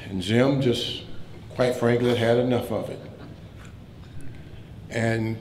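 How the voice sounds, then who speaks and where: A man giving a keynote speech at a banquet, telling funny stories in a relaxed way and acting out the lines of the people in them. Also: medium pitch. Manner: relaxed anecdotal telling, acts out quoted lines. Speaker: keynote speaker. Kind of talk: humorous after-dinner storytelling speech. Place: banquet hall. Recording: roomy hall sound, faint room noise.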